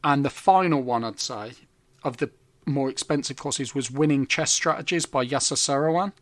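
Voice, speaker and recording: A man, co-hosting a podcast in casual chat and recommending things enthusiastically with quick asides. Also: mid-range voice, dry recording. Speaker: podcast co-host.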